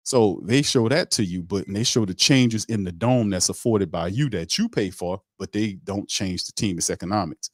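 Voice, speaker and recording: A man's voice: fairly low pitch, normal speed, hardly any pauses, no echo, studio quality. A man hosting a sports talk show in a blunt, emphatic rant that repeats points for emphasis.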